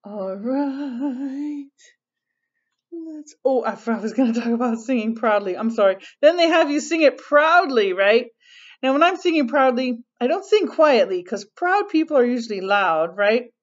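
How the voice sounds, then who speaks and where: High-voiced woman teaching young children. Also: lively intonation, highs cut off. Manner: cheerful, sing-song, explains slowly to children. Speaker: preschool teacher. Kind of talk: children's circle time lesson with songs.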